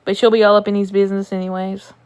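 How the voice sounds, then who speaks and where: A woman's voice: mid-range voice, little pitch movement, fast, a little mellow, smooth. A young woman coaching viewers through a live stream in a chatty, reassuring way, swearing now and then. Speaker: manifestation coach.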